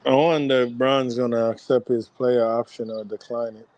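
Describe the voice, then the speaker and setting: A man's voice: mid-range voice, fairly even intonation, moderate pace, a little mellow, lo-fi sound. Man, laid-back, slangy, dismissive, casual sports chat. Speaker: co-host of a sports watchalong.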